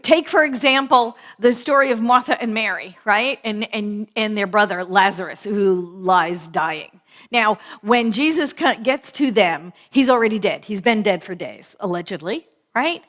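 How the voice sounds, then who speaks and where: A woman minister giving a conversational sermon, repeating phrases for emphasis, slowing on key words and often asking "right?". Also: mid-range voice, expressive, fairly bright tone.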